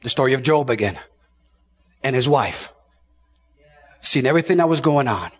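A man preaching a sermon with passion, swinging from shouts down to hushed tones and often repeating his words. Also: medium pitch, expressive, normal speed, pauses often, breathy edge, no echo. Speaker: pastor.

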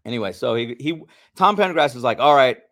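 A man co-hosting a podcast, telling a long story in a heated, animated way and swearing often. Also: mid-range voice, quick pace. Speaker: podcast co-host. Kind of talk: casual storytelling.

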